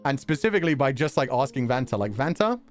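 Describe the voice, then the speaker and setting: A young man chatting casually on a stream, talking fast and laughing often. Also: mid-range voice, faint music behind. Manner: animated, quick talker who laughs often. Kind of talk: casual chat.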